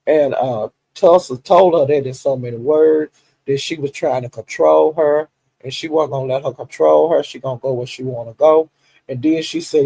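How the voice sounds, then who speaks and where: A man's voice: mid-range voice, moderate pace, creaky, breathy edge, no echo, poor audio. A man chatting casually on a livestream, retelling online drama with laughter and acted-out quotes. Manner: animated, laughing storyteller who acts out quotes. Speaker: livestream commentator. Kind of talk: casual gossip commentary.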